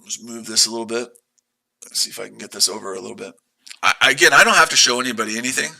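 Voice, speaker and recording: Sharp-voiced, combative man ranting. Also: medium pitch, racing, creaky. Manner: combative, profane, repeats rhetorical questions. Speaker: day trader streaming live. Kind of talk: live-stream rant to chat.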